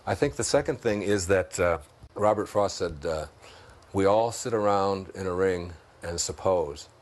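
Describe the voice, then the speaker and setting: A man's voice: sits low, unhurried. A man with a Detroit accent talking as an interview guest, reflective and storytelling, laughing often as he talks. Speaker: interview guest, self-help author. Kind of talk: conversational talk.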